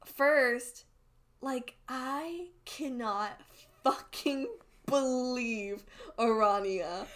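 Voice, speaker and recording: A young woman co-hosting a casual chat, excitable and full of fillers and swearing. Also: sits high, extremely slow. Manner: excitable, swearing, many fillers, squeals when upset. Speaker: podcast co-host. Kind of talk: casual chat reacting to a webcomic.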